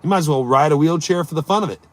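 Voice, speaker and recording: This streamer talks very fast in a voice on the high side, goofing around and responding to chat on a casual stream. He alternates between loud bursts and muttered asides.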